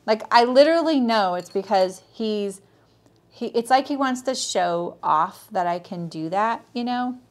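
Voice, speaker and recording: A woman's voice: mid-range voice, animated, measured pace. A woman hosting a live sewing tutorial, talking viewers through each step in a chatty way, greeting them by name and checking in with "right?". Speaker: sewing teacher and livestream host.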